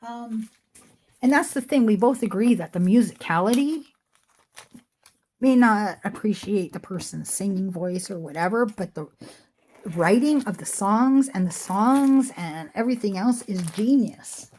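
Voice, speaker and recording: A middle-aged woman who sells jewelry online chats casually at home while showing pieces, wandering into asides. Her voice is medium-pitched, unhurried, and a little mellow, and a chair squeaks in the room.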